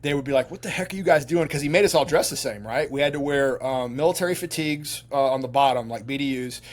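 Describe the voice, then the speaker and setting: A middle-aged male veteran telling stories as an interview guest, animated and rambling, full of fillers and restarts. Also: mid-range voice, fast. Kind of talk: casual storytelling interview.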